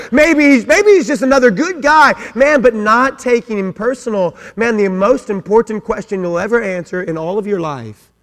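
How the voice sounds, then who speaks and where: A man preaching an emphatic sermon with heavy repetition, his voice rising to shouts. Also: very high voice. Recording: long hall reverb.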